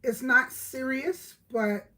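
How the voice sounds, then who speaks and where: A woman's voice: high voice, slow, pushed and bright, rough recording. A middle-aged woman from Brooklyn with a New York accent, chatting casually with live-stream viewers, greeting them by name and laughing often.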